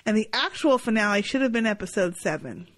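A woman's voice: mid-range voice, lively intonation, fast talker. A woman co-hosting a podcast, reading listener emails aloud and chatting bluntly, with swearing and easy laughs. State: has the hiccups. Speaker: podcast co-host.

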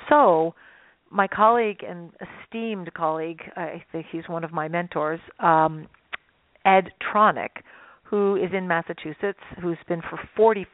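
Animated woman guest on a phone line. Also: on the low side, measured pace, no echo. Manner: animated storyteller, acts out voices. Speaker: guest expert. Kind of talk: radio interview.

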